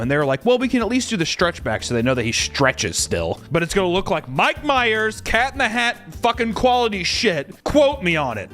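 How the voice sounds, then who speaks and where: A man's voice: sits high, a bit bright. A man ranting casually as a commentator, profane and exasperated, mocking what he talks about. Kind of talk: casual rant.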